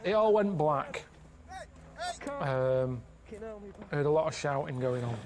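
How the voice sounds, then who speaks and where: A man around forty telling rambling stories in a deadpan way during a casual studio chat. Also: on the high side, a little slow, crowd noise. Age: 40s. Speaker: guest.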